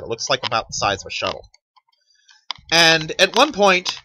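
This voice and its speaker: A man in his thirties rants with a lively, swooping delivery and a bright, forceful edge to his voice. He swears freely and slips into sarcastic mock quotes. Faint keyboard clicks sit behind him. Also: on the high side, a little hiss or hum, rough recording. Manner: profane, animated ranting with sarcastic mock quotes. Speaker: channel host. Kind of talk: ranting monologue.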